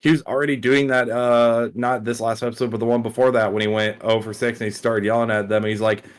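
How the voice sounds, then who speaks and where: A man's voice: medium pitch, flat delivery, fast. A young man co-hosting a casual combat sports podcast, rambling with lots of "like" and restarts. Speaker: podcast co-host.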